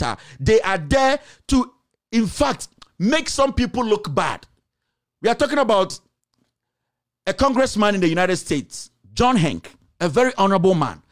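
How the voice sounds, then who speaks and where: A man with a Ghanaian accent hosting an online show, giving impassioned political commentary in an emphatic, repetitive way and slipping into Twi phrases. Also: sits high. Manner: emphatic, repeats himself, slips into Twi phrases. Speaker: online show host and journalist.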